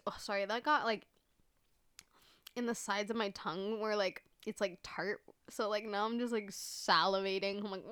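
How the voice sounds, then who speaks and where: A young woman hosting a solo podcast in casual chat, rambling with many fillers and swearing freely, sometimes dropping to a soft whisper close to the microphone. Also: mid-range voice, steady tone, normal speed, smooth, no echo. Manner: drops to soft whispers at times. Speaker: podcast host.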